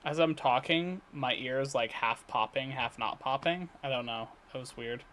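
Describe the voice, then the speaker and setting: A man talking casually in a daily video diary, rambling and halting with many fillers, restarts and throat clearing. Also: medium pitch, a bit bright, slight background noise. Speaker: vlogger. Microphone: computer recording setup.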